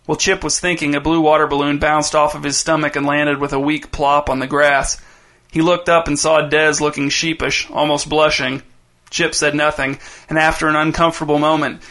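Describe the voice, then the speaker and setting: A male storyteller narrates at an even, measured pace. His voice is bright and sits a bit high for a man, clear and steady through long passages. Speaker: audiobook narrator. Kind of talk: scripted narration.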